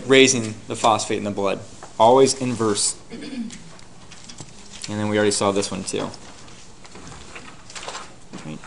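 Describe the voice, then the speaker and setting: Man lecturing a class with quick questions. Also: fairly low pitch, animated, gravelly, a little hiss or hum. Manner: quizzing students with quick questions. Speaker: teacher.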